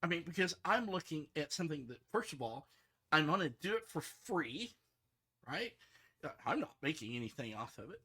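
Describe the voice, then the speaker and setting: A middle-aged man, a software developer, talking casually and rambling, frustrated, with many restarts and fillers. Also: on the high side, big pitch swings, normal speed, husky. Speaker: software developer streaming his work.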